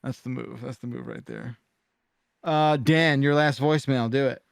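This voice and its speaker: A man's voice: medium pitch, normal speed, gravelly, smooth, dry recording. Podcast co-host, male, laid-back rambling talk, clean dry sound. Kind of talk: casual chat.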